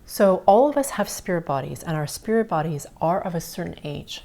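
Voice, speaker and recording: A middle-aged woman hosting a spiritual podcast, earnestly recounting a personal experience and dropping to soft whispers at tender moments. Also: fairly low pitch, lively intonation, a little fast, gravelly. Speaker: podcast host.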